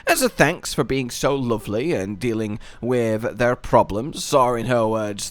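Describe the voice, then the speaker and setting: A man's voice: mid-range voice, moderate pace, few pauses, no room sound. A man hosting a gaming video, talking through game lore in a playful, jokey way. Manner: playful, jokey wordplay, animated.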